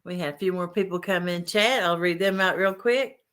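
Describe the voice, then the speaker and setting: A woman's voice: fairly low pitch, normal speed, a bit bright. A woman hosting a casual fishing livestream, reading out chat names and greeting viewers. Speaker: livestream host.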